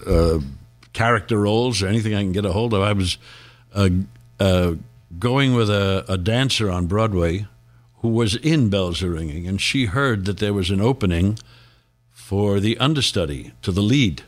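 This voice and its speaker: Older man, low voice, chuckling storyteller. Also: normal speed, faint music behind. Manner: rambling storyteller, chuckles often. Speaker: guest actor. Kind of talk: casual reminiscing interview.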